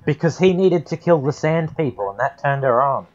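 A man cohosting a podcast, cracking dark one-liners and chuckling at them. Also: a little high, animated, moderate pace. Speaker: podcast co-host. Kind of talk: crude comedy banter. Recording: dull lo-fi podcast audio.

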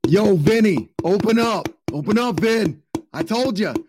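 Picture a tough-talking gangster spider with a thick New York City accent, brash and pushy, demanding to be let inside, as a man puts him on. The voice sits a little high for a man, and steady noise hums behind it. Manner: brash, fast street talk, pleading to be let in. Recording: background noise.

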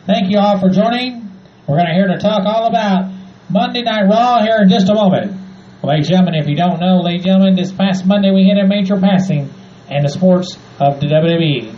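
A man hosting a casual wrestling recap podcast, saying "ladies and gentlemen" often, with many "uh" fillers. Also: high-pitched, fairly quick. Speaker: podcast host. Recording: echoey muffled room, faint noise.

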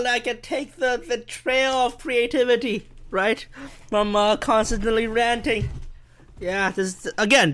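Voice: medium pitch, a bit bright, clear, resonant tone. A podcast host, ranting alone in a rambling, profane, self-mocking way, with the microphone held a bit too far from the face. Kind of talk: solo podcast rant. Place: home in Vancouver. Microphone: handheld microphone held too far from the face.

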